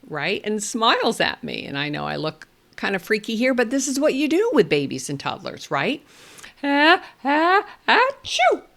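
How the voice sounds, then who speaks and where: A middle-aged woman speech therapist tells parents a story from her work. Her pitch swings widely and her pace is unhurried. She plays with her voice and sinks into a near-whisper on key points. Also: creaky. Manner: playful and expressive, drops to a hush to stress points. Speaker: speech-language therapist and host.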